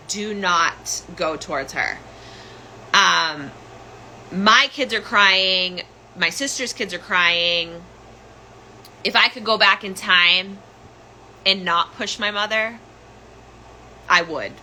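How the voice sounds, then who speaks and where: A woman's voice: mid-range voice, sharp tone, slight background noise, low-quality recording. A woman hosting a podcast, telling a personal story in an urgent, candid way with many restarts. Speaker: podcast host telling her own story.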